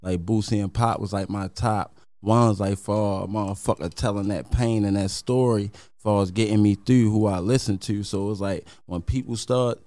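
A man's voice: fairly low pitch, moderate pace. A man with a Baltimore accent, a rapper guest, telling a long story in casual slangy talk and acting out what others said. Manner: animated, slangy, acts out quotes in raised voice.

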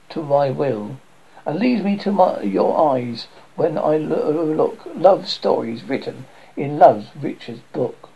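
An ardent young man declaring his love, as a man reads him aloud. The delivery is slow and stumbling, the voice gravelly and husky. Heard through a dull, lo-fi recording. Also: on the high side, warm tone, heavily acted. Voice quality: halting, stumbling reading. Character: ardent young male lover, infatuated.

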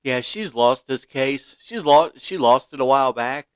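A man's voice: mid-range voice, measured pace, dry recording. Emphatic man ranting on news. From Kentucky, USA. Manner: emphatic, indignant, stumbling restarts. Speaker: podcast host. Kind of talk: opinionated news commentary.

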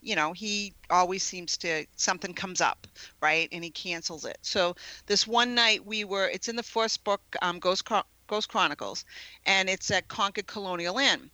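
A middle-aged woman, telling a ghost story as a radio interview guest, animated and laughing often. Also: medium pitch, moderate pace, dry recording, poor audio. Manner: animated, laughs often, acts out quoted voices. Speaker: guest paranormal investigator.

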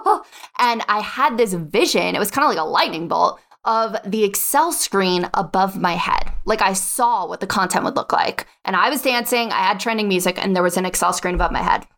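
A young adult woman guest on an interview show, telling her story in a chatty, lively way and filling it with "like.". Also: mid-range voice. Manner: chatty, lively, acts out quotes, says "like" a lot. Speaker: podcast guest, online spreadsheet teacher. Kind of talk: animated personal storytelling.

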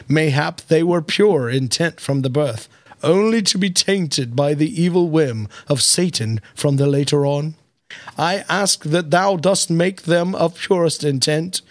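Guy doing a weak shaky dying old brit, slow solemn prayer voice, dry sound. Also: on the high side, no room sound. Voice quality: weak, quavering and archaic-sounding. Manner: slow, solemn reading of old-fashioned scripture. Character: frail, dying old British man intoning a prayer.

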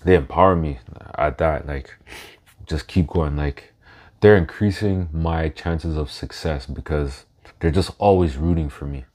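A man in his thirties hosting a solo podcast in a casual way, slow and reflective, pausing to gather his thoughts. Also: extremely low pitch, darkish tone. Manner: emotional, laughs through his words. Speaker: podcast host.

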